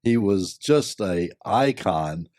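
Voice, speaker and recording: An older man, a company board member and lawyer, giving measured, thoughtful answers with many pauses and fillers. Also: deep voice, expressive, darkish tone, dry recording, clean studio sound. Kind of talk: reflective interview answers.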